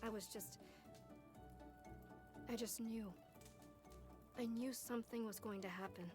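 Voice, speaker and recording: A woman reading a troubled young woman's memory in a quiet, reflective way. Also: on the high side, steady tone, unhurried, over music, close to an everyday voice. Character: anxious young woman recalling her youth.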